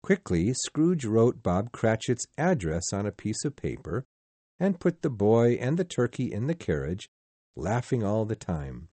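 Slow, husky storybook narrator, a man. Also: on the low side, no room sound. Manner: addresses the reader directly, expressive.

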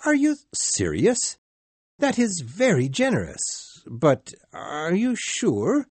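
A man voicing an amazed gentleman who stammers out his questions in disbelief. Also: high voice, wildly swooping pitch, slow pace, breathy edge, dry recording, pitched above the performer's own voice, full character voice. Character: astonished middle-aged gentleman collecting for the poor.

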